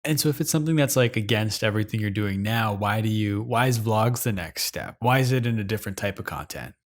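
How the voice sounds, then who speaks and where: A man with a lowish voice hosts a podcast. He asks short, probing follow-up questions in a relaxed, conversational tone. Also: fast. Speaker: podcast host. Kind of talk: casual podcast interview.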